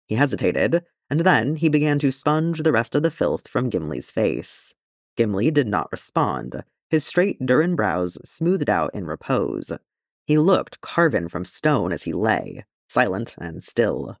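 A man narrates a fan fiction audiobook with an expressive storytelling delivery. His pitch moves in a lively way. The recording is close and dry. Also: measured pace, no echo.

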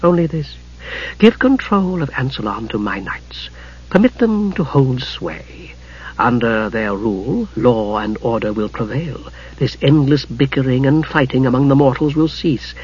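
A man voicing a scheming, mocking dark goddess in an audiobook, speaking low, hushed and silky with a husky tone. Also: measured pace. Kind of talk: audiobook character reading. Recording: muffled lo-fi recording.

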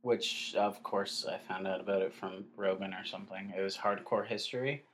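A man co-hosting a podcast, trading easygoing deadpan banter in casual chat. His voice sits a little low, with a faint hiss of background noise under it. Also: moderate pace. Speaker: podcast co-host.

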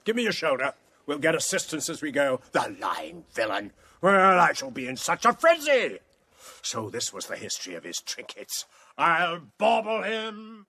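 A testy old baronet who blusters and scolds , as a man plays him. His voice is husky and fairly high, and it swings widely as he grumbles. His talk stays gruff even when he teases. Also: normal speed, heavily acted. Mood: agitated. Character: irascible gouty old baronet father.

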